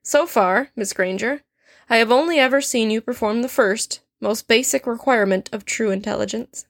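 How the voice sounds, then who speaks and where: A woman's voice: on the high side, normal speed, no echo. Woman putting on a stern male professor, sardonic, cold, clipped, dry recording. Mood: cold, scornful.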